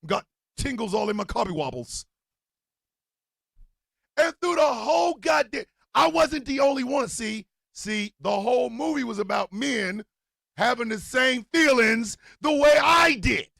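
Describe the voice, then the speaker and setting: A man tells a comic story. His voice is high and gravelly, and his pitch leaps all over. The sound is close and dry. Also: a little slow, dry recording. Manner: animated, swings from low mutters to loud outbursts. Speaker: podcast host telling a story. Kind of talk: comedic storytelling monologue.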